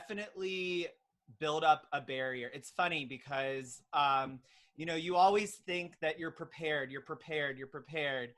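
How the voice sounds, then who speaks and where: A man's voice: on the high side, pushed and bright. A young man, a pediatric nurse, talking earnestly as a podcast guest, with lots of ums and likes. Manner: earnest, filler-heavy storytelling. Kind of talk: casual interview chat.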